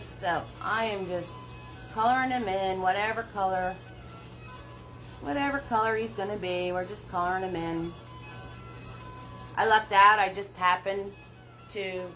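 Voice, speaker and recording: A woman leads a live painting class in a slow, unhurried voice, chatting and encouraging as she works. She talks herself through each stroke with small laughs, and faint music plays underneath. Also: medium pitch, fairly bright tone, low-quality recording. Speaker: painting instructor. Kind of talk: live paint-along tutorial.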